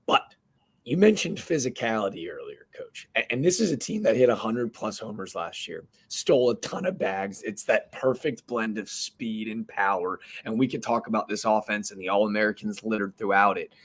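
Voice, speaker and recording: A man's voice: lowish voice, lively intonation, normal speed. Hyped-up male sports podcast host. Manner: enthusiastic, slangy hype talk. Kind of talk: casual interview chat. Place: remote video call. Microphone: video call.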